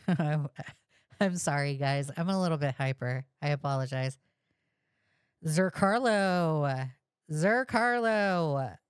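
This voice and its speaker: A woman giving reaction commentary in an unhurried, drawn-out way. She swears a lot, mocks what she hears and breaks into excited yelling. Her voice sits close and dry, with no room sound. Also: low voice, clean tone, dry recording. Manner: profane, mocking, excitable outbursts. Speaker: commentary streamer.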